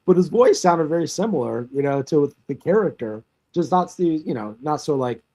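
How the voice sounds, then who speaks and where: A man with a somewhat raised voice co-hosts a relaxed reaction chat about a TV episode. He talks in an easygoing, slangy way and keeps throwing in "dude". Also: on the high side, moderate pace. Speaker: co-host.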